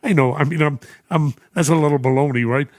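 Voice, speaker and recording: Older radio host, emotional, dry studio sound. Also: male voice, on the high side, quick pace, no echo. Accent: New York. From United States. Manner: warm, emotional, chuckling often. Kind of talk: radio show reading listener messages. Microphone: studio microphone.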